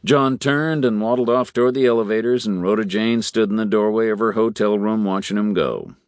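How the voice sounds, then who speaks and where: A man narrating a novel in a measured, expressive way. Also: lowish voice, clear, resonant tone, no room sound, clean studio sound. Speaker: audiobook narrator. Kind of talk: scripted narration.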